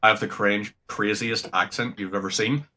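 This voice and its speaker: A young Northern Irish man talks through his gameplay in a loose, rambling way. His voice is bright and forward, sits a little on the low side, and he swears casually as he goes. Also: fairly even intonation, normal speed. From Northern Ireland. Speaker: game streamer.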